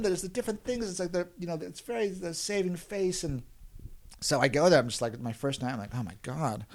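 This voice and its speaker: Rambling male clown telling stories. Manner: rambling, many restarts, laughs while telling stories; acts out other people's panicked lines in a higher voice. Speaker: podcast guest, clown performer. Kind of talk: casual storytelling interview.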